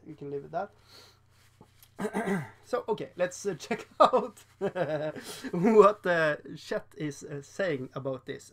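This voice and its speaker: A streamer painting miniatures chats casually on his livestream, rambling, laughing often and reading the chat aloud. His voice is a little high, with vocal fry.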